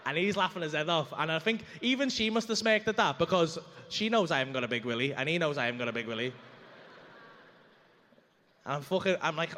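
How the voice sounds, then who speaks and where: A man doing stand-up in a comedy club, telling a story in an animated, sweary way and acting out the voices of the people in it. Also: a little high, quick pace. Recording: live club room with reverb.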